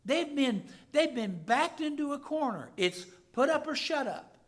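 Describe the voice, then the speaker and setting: A man, a pastor, preaching a sermon and reading scripture aloud, swinging between loud declaring and hushed asides. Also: extremely high pitch, animated, unhurried.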